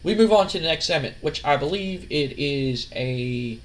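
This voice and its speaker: A man's voice: a little high, expressive, moderate pace. A man giving casual, rambling let's-play commentary as a gaming channel host. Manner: rambling, full of fillers and restarts.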